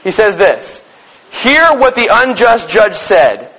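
A man preaching an emphatic sermon in a high, husky voice, hammering key phrases again and again. The sound is dull and muffled, and his words ring out through a long hall reverb. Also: big pitch swings, slow pace, pushed and bright. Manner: emphatic, repeats key phrases, asks the congregation questions.

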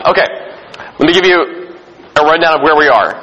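A man's voice: fairly high pitch, animated, a little fast, pushed and bright, husky. A man preaching an informal sermon as pastor, talking conversationally with frequent restarts and questions to the congregation. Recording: long hall reverb, dull lo-fi sound.

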